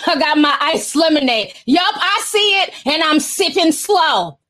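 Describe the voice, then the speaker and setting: Sassy high-voiced woman streamer. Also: animated, a little slow, bright, forceful tone. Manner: sassy, laughing, talks straight to viewers. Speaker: commentary streamer. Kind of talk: sassy livestream commentary.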